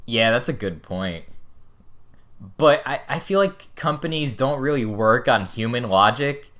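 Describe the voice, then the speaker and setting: Bright-voiced young man musing. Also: medium pitch, expressive, unhurried. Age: around 20. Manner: musing, hedging with 'like' and 'you know'. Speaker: podcast host. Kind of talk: casual podcast chat.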